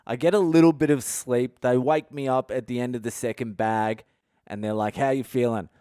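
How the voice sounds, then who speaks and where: A man's voice: medium pitch, steady tone, normal speed, warm tone, clean tone, no echo, clean studio sound. An Australian man, a comedian hosting his own podcast, telling a personal story frankly and swearing constantly, acting out the dialogue he quotes.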